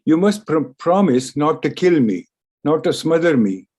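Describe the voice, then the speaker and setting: A man voicing a cautious, clever male mouse who answers calmly and deliberately in a spoken story. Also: on the high side. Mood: wary. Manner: calm, measured, reasoning.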